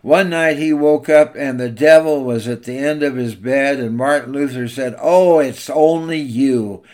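A man's voice: medium pitch, steady tone, moderate pace, darkish tone. A man preaching a sermon in an emphatic, exhorting way.

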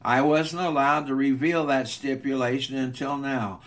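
A man's voice: medium pitch, fairly even intonation, normal speed, fairly bright tone, lightly acted. A man voicing a persistent male auctioneer who calls out bids insistently in a retold story. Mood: solemn.

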